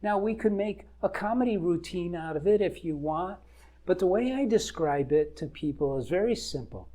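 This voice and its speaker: A man's voice: sits high, lively intonation, moderate pace, dark tone. An older man, a marriage coach, giving earnest advice straight to camera and stressing his points with long lists.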